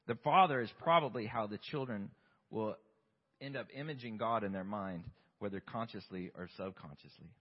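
A man's voice: fairly low pitch, normal speed. A man preaching a conversational sermon, candid and self-deprecating, full of rhetorical questions. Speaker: pastor. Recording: long hall reverb, dull lo-fi sound.

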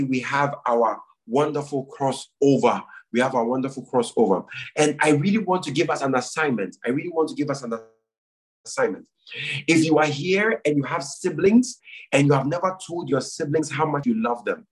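A man's voice: mid-range voice, breathy edge, poor audio. A man pastor leading prayer and giving church announcements, earnest and repeating phrases for emphasis.

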